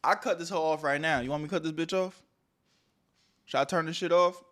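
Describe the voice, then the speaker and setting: A young man chatting through a livestream, his voice sitting a little higher than most men's. He banters loosely with viewers, jumping from loud shout-outs to low muttered asides. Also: fairly even intonation, a little fast. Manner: loose, joking banter with chat, swings between loud and mumbled. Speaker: streamer. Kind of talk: casual livestream chat.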